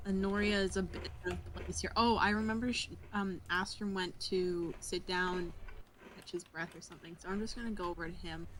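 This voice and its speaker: An easygoing man talks through his move at a tabletop game. His voice is bright and forceful, with a faint hiss behind it. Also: high-pitched, rough recording. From Canada. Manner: easygoing, joking. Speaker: player. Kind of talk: casual chat at a tabletop game.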